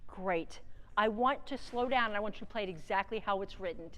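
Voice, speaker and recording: A woman's voice: medium pitch, a little fast, a bit bright. A woman leading a school wind band rehearsal, singing rhythms on syllables and counting the players in. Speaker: band clinician. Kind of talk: rehearsal instruction. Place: theatre stage with a wind band. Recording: long theatre reverb with band playing.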